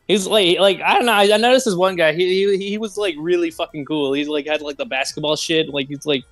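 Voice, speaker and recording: Rambling, profane man with a higher voice. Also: fast talker, fairly bright tone, soft background music. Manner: rambling, profane, filler-heavy storytelling. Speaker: stream co-host. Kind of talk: casual live-stream chat.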